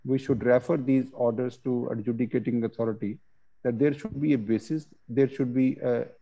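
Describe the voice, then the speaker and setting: A man presenting a webinar on court judgments, reading case text and explaining it with many pauses and fillers over a video call. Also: medium pitch, steady tone, vocal fry, lo-fi sound.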